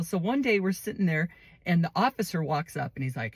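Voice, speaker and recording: A woman casually telling a personal story in a relaxed, conversational way. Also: fairly low pitch, a little fast, slightly rough, no room sound.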